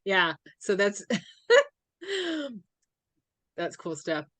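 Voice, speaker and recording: A woman hosting an interview in a casual, enthusiastic way, answering with quick affirmations and frequent laughs. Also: medium pitch, wildly swooping pitch, fairly bright tone, no room sound. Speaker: host.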